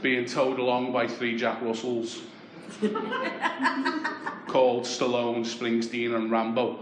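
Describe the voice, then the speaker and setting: A young man from Liverpool with a Liverpool accent, doing a deadpan, sweary stand-up comedy set. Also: medium pitch, takes it slowly. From Liverpool, England. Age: young adult. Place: comedy club stage. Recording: echoey club with crowd noise. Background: audience laughter.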